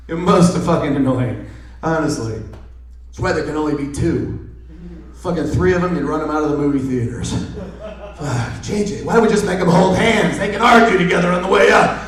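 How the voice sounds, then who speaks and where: At a live comedy show, a man with a high, animated voice rants sarcastically at a moderate pace, swearing heavily. He's heard from far off the mic in an echoey room.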